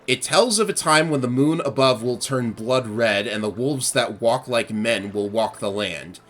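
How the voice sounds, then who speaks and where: A man's voice: mid-range voice, animated, unhurried, fairly bright tone. A man reading aloud the lines of a solemn tribal elder who gives a quest in a game. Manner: reads game dialogue aloud.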